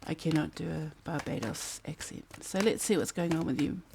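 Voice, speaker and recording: A woman's voice: low-pitched, lively intonation, normal speed, gravelly, a little mellow, slight background noise. A woman, giving a casual tarot reading and chatting as she muses aloud over the cards. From New Zealand. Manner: chatty, musing aloud, breaks into snatches of song. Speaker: tarot card reader. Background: fan humming in the background.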